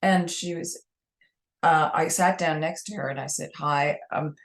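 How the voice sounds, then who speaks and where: A woman's voice: sits low, a little slow, creaky. New York woman telling rambling stories. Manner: rambling anecdotal storyteller. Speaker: guest. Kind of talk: casual interview chat.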